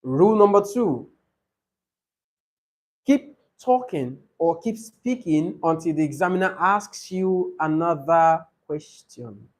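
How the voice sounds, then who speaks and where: An IELTS trainer, a man with a high, expressive, darkish voice, teaches rules in a classroom-style session in a training room. He speaks slowly, repeating key rules so listeners can take notes.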